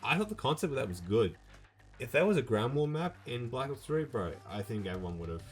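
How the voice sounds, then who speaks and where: A man's voice: mid-range voice, big pitch swings, fairly quick, husky. A young man hosting a casual gaming video, rambling with many fillers and restarts.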